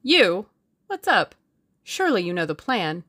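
A woman's voice: lowish voice, very animated, fairly quick. A woman voicing a startled male villain who speaks in an abrupt, suspicious way.

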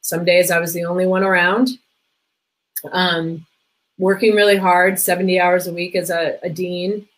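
A parenting coach in middle age, guesting on a podcast, talks about parenting in a chatty, casual way with lots of "like" and brief impressions of the people she quotes. Her low voice stays level at a moderate pace, on a rough recording.

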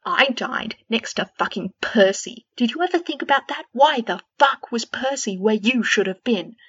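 A woman voicing a shape-shifting creature in the form of a dead young man, bitter, loud and taunting. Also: mid-range voice, steady tone, slow, husky, dull audio. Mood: raging.

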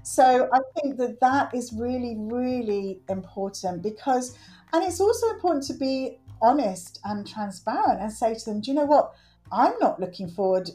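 Earnest woman, mellow voice. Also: fairly high pitch. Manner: earnest, animated, acts out quotes. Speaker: guest, works with children. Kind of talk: conversational interview.

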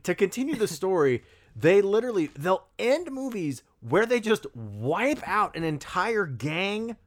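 Animated young man rambling about movies. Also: high voice. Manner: rambling, self-correcting, animated when excited. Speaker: podcast co-host. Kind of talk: casual movie podcast chat.

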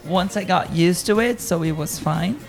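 A woman teacher tells travel stories in casual chat, animated and laughing often. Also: lowish voice, moderate pace, faint music behind. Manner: lively storyteller, laughs often.

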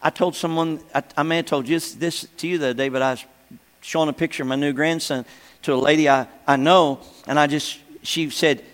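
Recorded with long hall reverb, an older male pastor gives a teaching sermon in a voice on the high side and a bit bright. His intonation is fairly even and his pace a little fast. He stresses his words, repeats phrases, and often asks the congregation to say amen.

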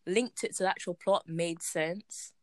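A young woman co-hosting a film review chat, animated and frank, laughing often. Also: on the low side, measured pace, no echo, clean studio sound. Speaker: podcast co-host reviewing films. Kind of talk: casual chat.

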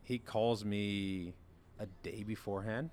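A young man with a fairly low voice tells his stories in a relaxed, chatty way. He acts out the quoted lines, jumping up in pitch and volume whenever he imitates someone. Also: unhurried, slight background noise. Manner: animated storyteller, acts out quotes with big jumps in pitch. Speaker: former college quarterback guest. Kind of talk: casual storytelling chat.

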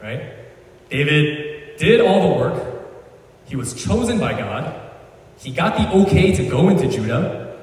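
A man's voice: fairly high pitch, sing-song, a little slow, pauses often. A man giving a casual sermon as a youth pastor, chatty and slangy, retelling the story with lots of asides. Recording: echoey hall, voice from far off.

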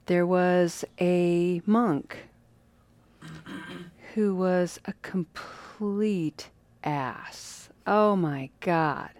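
Slow, low-voiced woman telling a story. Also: no echo. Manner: lively, drawn-out and playful. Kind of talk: casual storytelling.

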